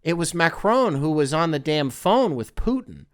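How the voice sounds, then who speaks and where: Male solo podcast host, slightly high, smooth clean voice, dry close sound, rambling and profane. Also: very animated, moderate pace, no echo. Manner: rambling, profane, tongue-in-cheek. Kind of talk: casual solo commentary.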